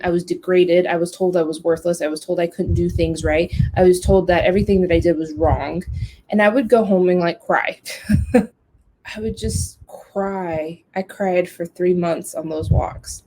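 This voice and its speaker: Candid, animated woman podcast host. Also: fairly low pitch, moderate pace, slight background noise. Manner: animated, candid, emotional, swears freely. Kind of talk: casual podcast monologue.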